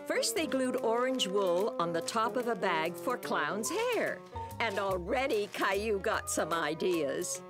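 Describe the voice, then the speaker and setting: A woman narrating a preschool cartoon in a warm, even storytelling manner. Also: mid-range voice, measured pace. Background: children's music.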